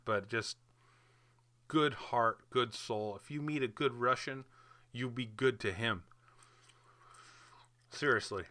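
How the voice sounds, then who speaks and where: A man's medium-pitched voice comes across pushed and bright as he hosts a crypto market video. In a chatty, hyped, offhand way, he casually guides viewers through the charts on his screen.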